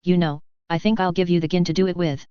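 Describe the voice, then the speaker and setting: A man's voice: high-pitched, level tone, quick pace, mellow, smooth, no echo, close to an everyday voice. A narrator voicing a brash, sardonic male mercenary commander in a spoken fan story, with a dull, lo-fi sound. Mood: cocky. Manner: cocky and sardonic. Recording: dull lo-fi dry audio.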